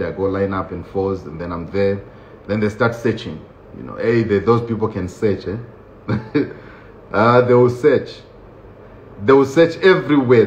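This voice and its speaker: A man telling a story from his own life in a casual, conversational way, often breaking into laughter and acting out other people's lines. His voice sits at a middle pitch. The recording sounds roomy and a little dull, with faint ambience behind him.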